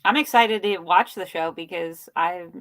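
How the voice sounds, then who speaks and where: A young woman co-hosting a casual podcast chat in a relaxed, agreeable way. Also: lowish voice, unhurried, no echo. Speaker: podcast co-host.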